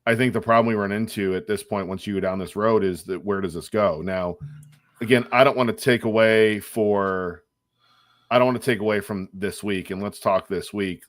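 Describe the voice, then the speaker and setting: A man's voice: lowish voice, steady tone, moderate pace, no room sound. A man co-hosting a casual golf podcast, rambling with restarts and cutting in on others. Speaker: podcast co-host. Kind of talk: casual sports chat.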